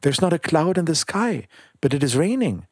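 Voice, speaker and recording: A man's voice: fairly high pitch, sing-song, normal speed, slightly rough, no echo, pitched above the performer's own voice. A man voicing a small, kind-hearted male bird in a storybook reading, with a light, wondering manner. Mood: musing.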